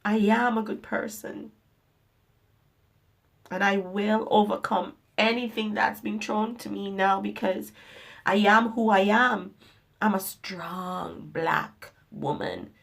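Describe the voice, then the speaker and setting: A woman's voice: medium pitch, fairly even intonation, takes it slowly, creaky, fairly bright tone. A woman vlogger and mother speaking to the camera in a heartfelt, emotional pep talk, repeating her phrases for emphasis. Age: adult mother. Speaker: vlogger and herbal products maker.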